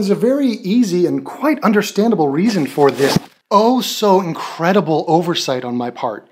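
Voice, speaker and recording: A man giving a profane, sarcastic commentary rant, mocking the people he is answering. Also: high-pitched. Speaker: commentary video creator. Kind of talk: ranting commentary.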